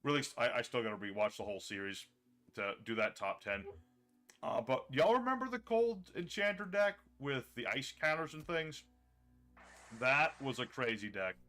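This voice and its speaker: A man's voice: mid-range voice, lively intonation, moderate pace, pushed and bright, soft background music. A man streaming a card game live, chatting casually, thinking aloud about his moves and answering his chat. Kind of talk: casual livestream commentary.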